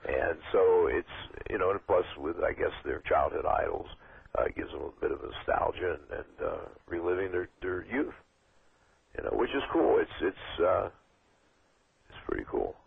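An older man, a wrestling trainer, talking in a rambling, halting way with many fillers as a guest on a call-in show. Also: low-pitched, gravelly, husky. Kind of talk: casual phone interview. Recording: tinny phone line.

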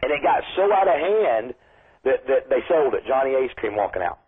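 A man's voice: mid-range voice, very animated, normal speed, husky. A man telling a story casually in an interview and animatedly acting out the voices he quotes. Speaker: guest wrestler. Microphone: phone call into radio show. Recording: tinny phone line.

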